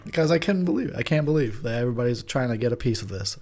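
A man's voice: mid-range voice, expressive, very fast, a little mellow. A tipsy man giving crude, rambling drunken movie commentary, laughing often. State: drinking, tipsy.

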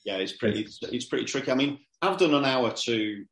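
Brief: middle-aged male comic, lively chat with restarts, roomy echo. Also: mid-range voice, brisk. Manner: animated, repeats words when starting sentences. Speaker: comedian guest. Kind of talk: casual interview chat.

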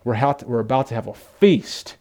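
A man voicing an overjoyed father who shouts with delight. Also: mid-range voice, moderate pace, natural voice. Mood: jubilant. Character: overjoyed father welcoming his son home.

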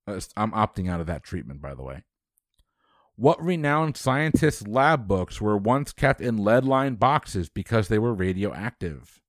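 A man hosting a trivia quiz, reading questions briskly and dropping dry quips. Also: lowish voice, big pitch swings, dry recording.

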